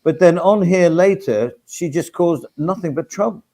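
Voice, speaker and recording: A man's voice: high voice, normal speed, dark tone. A man on a live stream panel, talking earnestly and repeating himself as he makes his points. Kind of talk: casual panel chat.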